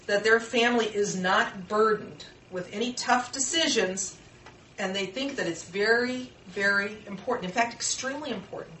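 Her voice sits on the high side and is fairly bright as this older woman presents an informal class, speaking with earnest warmth and imitating family members. Slight background noise accompanies a distant, echoey room sound.

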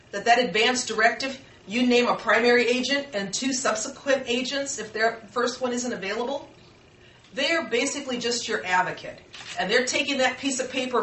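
A woman's voice: a little high, fairly bright tone, slight background noise. An older woman presenting an informal workshop, speaking earnestly and conversationally, and acting out the voices of family members. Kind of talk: informal class talk. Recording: echoey room from far off.

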